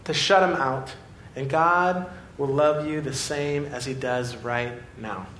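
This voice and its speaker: Animated man preaching in an echoey hall. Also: slow pace. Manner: animated storytelling, swings between excited and quiet. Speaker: pastor. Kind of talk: sermon. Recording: echoey room with faint rumble.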